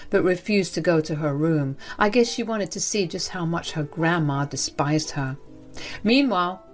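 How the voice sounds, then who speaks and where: A woman narrating a family drama story in a steady, earnest scripted read. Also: fairly low pitch.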